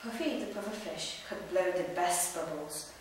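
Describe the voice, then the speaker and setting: A woman reading a children's picture book aloud with animated, expressive storytelling. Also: on the low side, moderate pace, slight background noise. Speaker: storybook reader. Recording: echoey room, distant mic.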